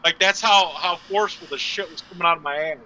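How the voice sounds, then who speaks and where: A man's voice: on the high side, fast talker, pushed and bright, slight background noise, rough recording. A man co-hosting a live stream show, telling crude stories with a lot of swearing and laughter. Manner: profane, laughing, storytelling. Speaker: co-host. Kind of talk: crude casual chat.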